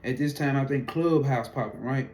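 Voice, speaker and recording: A man telling a personal spiritual story in an animated, profane, casual way, acting out his own reactions. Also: medium pitch, normal speed, faint music behind.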